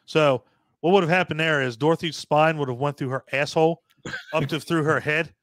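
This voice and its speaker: A man's voice: fairly high pitch, fairly even intonation, fairly quick, fairly bright tone, no echo. A man co-hosting a podcast, rambling profanely through a movie review and acting out characters' lines. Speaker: podcast co-host. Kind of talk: casual movie review chat.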